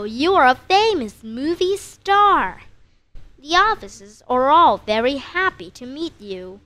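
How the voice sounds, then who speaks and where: A woman teacher narrating a simple story slowly and clearly for English learners. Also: a little high. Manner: slow, clear, expressive storytelling.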